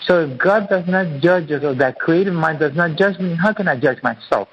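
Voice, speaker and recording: A man's voice: on the high side, normal speed, lo-fi sound, slight background noise. A man guest, an author and acupuncturist, explaining his teaching in an earnest, repetitive, teacherly way during an interview.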